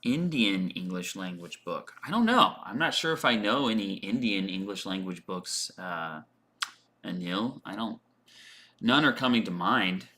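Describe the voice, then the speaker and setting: A man hosts a casual English lesson livestream, answering viewers' questions as they come in. He thinks aloud, often restarting and filling pauses with "um" and "uh". His voice is slightly low yet bright and forward. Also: animated. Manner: frequent fillers and repeated words. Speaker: English teacher.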